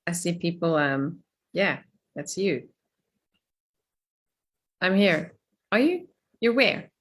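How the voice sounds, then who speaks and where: A woman's voice: on the low side, very animated, slow pace, breathy edge. A middle-aged woman life coach running a live online coaching session over a video call, chatty and laughing often.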